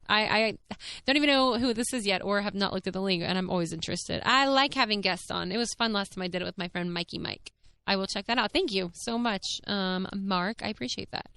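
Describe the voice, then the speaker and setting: A young adult woman hosting her own podcast, chatting candidly and reading listener comments aloud, full of fillers and quick laughs. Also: medium pitch, fairly bright tone, clean tone, no echo. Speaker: podcast host.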